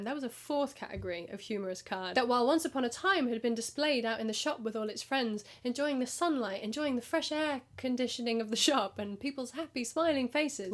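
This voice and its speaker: A woman's voice: a little high, quick pace, few pauses, fairly bright tone. A young British woman telling sarcastic stories about customers in a vlog, acting out bits in put-on voices. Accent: British English. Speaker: vlogger. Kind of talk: storytelling vlog.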